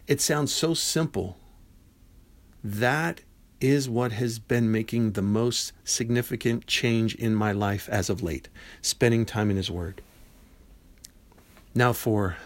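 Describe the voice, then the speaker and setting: A man in his fifties talks through his faith on a podcast in a warm, mid-pitched voice. He speaks casually and animatedly, slipping into quoted dialogue as he tells stories. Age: 50s. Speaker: podcast host. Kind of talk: Christian devotional podcast talk.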